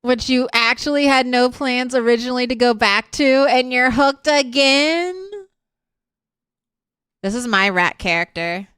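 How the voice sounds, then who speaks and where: A woman's voice: a little high, measured pace, fairly bright tone, clear, resonant tone, dry recording, studio quality. A woman streamer in casual live-stream chat, talking straight to her viewers. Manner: chatty, talks straight to chat.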